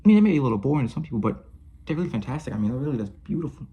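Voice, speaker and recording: A man's voice: medium pitch, big pitch swings, rapid-fire, breathy edge, highs cut off. A man talking through a film in a casual review monologue. He gushes and rambles, often restarting and correcting himself mid-sentence. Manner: rambling and effusive, with many restarts and self-corrections.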